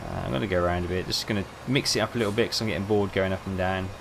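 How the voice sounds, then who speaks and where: A man's voice: deep voice, fairly even intonation, rapid-fire, creaky, few pauses, background noise. A young man rambling casually, telling self-mocking stories over gameplay. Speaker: gaming video host.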